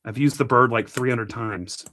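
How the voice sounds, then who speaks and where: Young guy talking coffee gear, bright forceful voice, bit of background noise, grumbles at stuff that won't work. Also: mid-range voice, moderate pace. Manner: chatty, mild cursing, gets frustrated with gear. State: annoyed. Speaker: coffee channel host. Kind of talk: casual brewing vlog.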